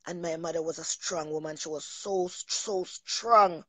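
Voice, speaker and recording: A woman's voice: lowish voice, moderate pace, few pauses, fairly bright tone, dry recording. Emotional woman telling a rambling story. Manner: rambling, emotional, repeats herself. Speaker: talk show host. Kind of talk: personal storytelling monologue.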